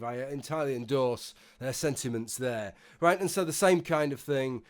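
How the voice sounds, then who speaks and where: A man's voice: on the high side, lively intonation, brisk, hardly any pauses. A man giving a rambling, sarcastic, sweary commentary monologue as a YouTube vlogger.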